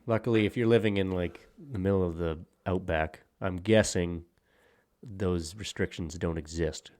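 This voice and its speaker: A man's voice: low-pitched, moderate pace, a little mellow, a little hiss or hum. A young man co-hosting a podcast, rambling and joking crudely in casual banter with lots of fillers and laughs. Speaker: podcast co-host.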